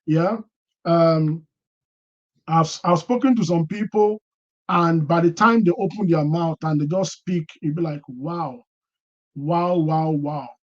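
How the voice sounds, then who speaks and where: High-voiced man chatting on a live stream. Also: measured pace, lo-fi sound. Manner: chatty, repeats and restarts words, reads chat comments aloud. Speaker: career mentor hosting a live stream. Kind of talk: live-stream talk to an online audience.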